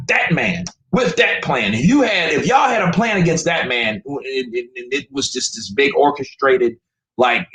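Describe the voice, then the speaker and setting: A man's voice: mid-range voice, a bit bright, echoey room, rough recording. A man giving a live-stream rant about boxing, frustrated and profane, often repeating himself. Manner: emphatic, profane, repetitive.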